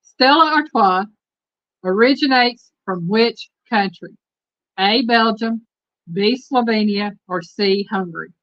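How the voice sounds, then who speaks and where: A woman's voice: medium pitch, slow pace, no room sound, lo-fi sound. A woman with a Southern Texas accent hosting a live stream, chatting casually and reading trivia questions aloud to her viewers. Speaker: host.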